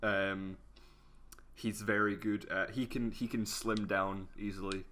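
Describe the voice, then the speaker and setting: A young man with a low but bright, forceful voice chats casually as a podcast co-host. He talks offhandedly, trails off mid-sentence and drops the odd swear word. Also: little pitch movement, unhurried, a little hiss or hum. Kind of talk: casual chat.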